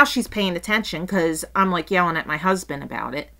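Animated, bright-voiced woman ranting. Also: mid-range voice, brisk, few pauses. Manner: animated, swears casually, acts out quotes. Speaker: vlogger. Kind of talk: casual storytelling rant.

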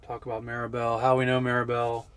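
Male vlog host, thirties, jokey and relaxed, mid-pitched, filmed walking outside. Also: quick pace, clear, resonant tone. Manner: easygoing, jokey, talks to the camera. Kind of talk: casual travel vlog chat. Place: outdoors on city streets.

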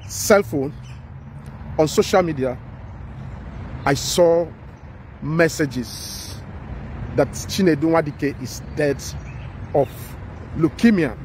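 A man's voice: a little high, slow pace, long pauses, darkish tone, a little hiss or hum. A man with a Nigerian accent giving impassioned commentary, emphatic and repetitive, pleading with his listener. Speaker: social commentator.

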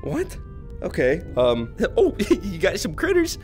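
A young man giving crude, joking commentary while playing a horror video game, often yelping and shouting. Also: sits high, huge pitch swings, measured pace, soft background music. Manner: loud, crude, yelps and shouts in jumpy bursts. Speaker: gaming YouTuber. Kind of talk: crude comedic let's-play commentary.

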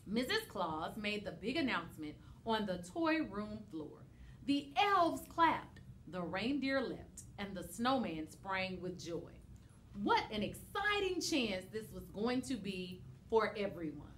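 A woman teacher reading a holiday storybook aloud to young children, expressive and animated. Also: medium pitch, slow pace, slight background noise.

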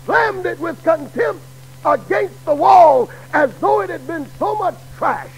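A middle-aged man preaching a sermon in a dramatic way that builds to shouts, on an old radio broadcast. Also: very high voice, expressive, a little slow, creaky, rough recording.

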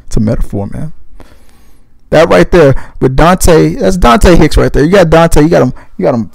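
Gravelly, rambling, profane young man. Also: on the high side, lively intonation, moderate pace, no room sound, low-quality recording. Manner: rambling, profane, laid-back. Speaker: podcast host. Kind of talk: casual movie commentary.

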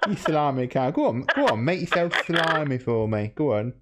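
A man making a comedic prank call, cheeky and mock-outraged, squealing up high when flustered. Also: very animated, normal speed, fairly bright tone, a little hiss or hum. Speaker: prank caller.

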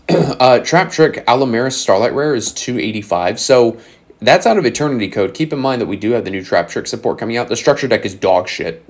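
A young man hosting his own channel, giving blunt, sarcastic commentary on card prices in a casual way, a little hoarse as he says he is losing his voice. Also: deep voice. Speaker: channel host.

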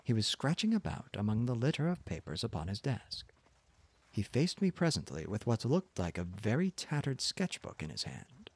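Man, soft-spoken audiobook narration, very deep, husky, dry close sound. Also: huge pitch swings, dry recording. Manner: soft, unhurried, measured.

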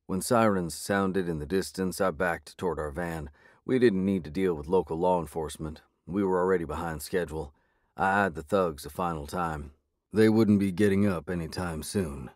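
A man reading a first-person audiobook in a measured, gritty way. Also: sits low, darkish tone, no echo, clean studio sound. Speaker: audiobook narrator.

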